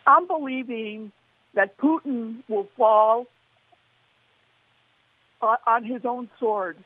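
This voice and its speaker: A woman's voice: a little high, takes it slowly, dry recording. A woman calling in to a radio show over the phone, insistent and repeating her phrases. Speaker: radio caller. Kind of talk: phone-in call. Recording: phone line.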